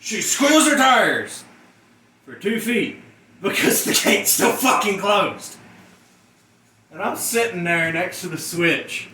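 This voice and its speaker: High, lively man ranting profanely. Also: slow pace, pauses often, echoey room, distant mic, a little hiss or hum, rough recording. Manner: animated, profane, laughing through his story. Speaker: storyteller. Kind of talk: profane comedic rant.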